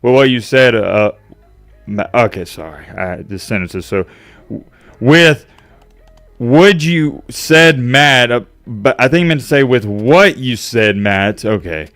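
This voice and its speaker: A man's voice: mid-range voice, expressive, unhurried, fairly bright tone, no room sound, faint music behind. A man streaming sports commentary, ranting emphatically with sarcastic asides while reading out fan comments. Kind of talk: casual rant over fan comments.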